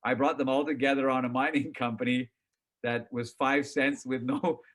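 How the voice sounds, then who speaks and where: A middle-aged man recounts his career in a loose, conversational way. He is animated and pokes fun at himself, and he acts out what he said and thought back then. His voice sits at an ordinary pitch for a man. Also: normal speed. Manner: animated, self-mocking, acts out his past reactions. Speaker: company chairman and CEO. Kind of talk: casual storytelling in an interview.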